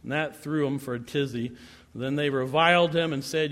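A man's voice: on the high side, fairly even intonation, moderate pace, fairly bright tone. A man giving a sermon, reading scripture verses and commenting on them in a conversational way. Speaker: pastor. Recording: reverberant hall.

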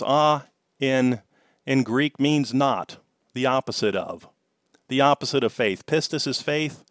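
A man preaching a sermon, leaning hard into key words and then dropping to a hush. His voice sits at an ordinary middle pitch. The sound is dry and close, with no room around it. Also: no echo. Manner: emphatic, rises and falls in loudness for effect. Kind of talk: sermon with storytelling.

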